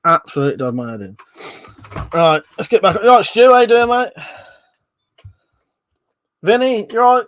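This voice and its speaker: A man's voice: high voice, sing-song, moderate pace, pauses often, no room sound. Chatty man on a livestream. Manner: swears freely, chatty, reads viewer comments aloud. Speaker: livestream host. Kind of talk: casual livestream chat reading comments.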